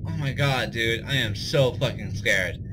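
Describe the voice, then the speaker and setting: A man's voice: mid-range voice, a little slow, background noise. A young man doing let's play commentary, panicky and swearing a lot, with frequent nervous laughter. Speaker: gaming commentator.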